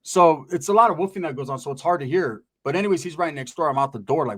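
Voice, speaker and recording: Animated, slang-heavy man telling stories. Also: fairly high pitch, quick pace. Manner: animated, slang-heavy, acts out other people's lines. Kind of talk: casual storytelling.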